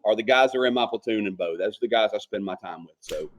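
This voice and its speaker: A former Marine telling profane, animated service stories on a casual podcast. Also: male voice, lowish voice, fast, rough recording. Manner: profane, animated storyteller acting out quotes.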